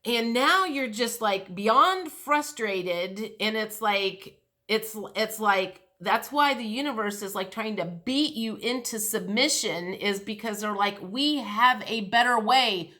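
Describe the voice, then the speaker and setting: A woman's voice: mid-range voice, animated, slow pace, sharp tone. A middle-aged woman giving a casual, rambling tarot reading, frank and swearing, with many restarts and fillers. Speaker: tarot reader.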